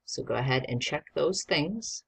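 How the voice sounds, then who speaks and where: With a medium-pitched, slightly rough, somewhat bright voice, lively intonation, and vocal fry, a teacher dictates spelling words to a young student. Each word is spelled slowly and deliberately letter by letter, with patient, encouraging guidance.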